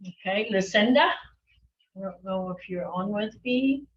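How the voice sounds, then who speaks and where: A woman language teacher leading an online class, patiently calling on students and gently correcting their pronunciation. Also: medium pitch, expressive, unhurried, a little hiss or hum. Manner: patient, encouraging, calls on students by name. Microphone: video call. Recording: lo-fi video call audio.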